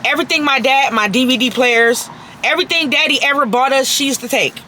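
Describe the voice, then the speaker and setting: Angry woman vlogger, high bright voice, profane and emphatic, with faint noise behind. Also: fairly quick, poor audio. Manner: profane, emphatic, repeats herself for force. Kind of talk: angry personal rant to camera.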